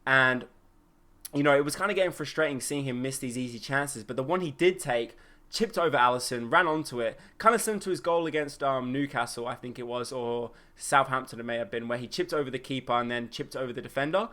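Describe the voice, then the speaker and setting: Young guy doing a solo football podcast, bright voice, gets hyped and opinionated. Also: mid-range voice, fast. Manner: excitable, opinionated, many fillers. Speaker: podcast host. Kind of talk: solo football match review.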